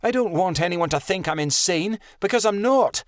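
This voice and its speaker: A man voices a troubled young she-wolf who speaks bluntly and defensively, in a tense mood, pitching his voice above his natural one. It comes out high, with lively intonation, at normal speed. The studio sound is clean, with no room sound.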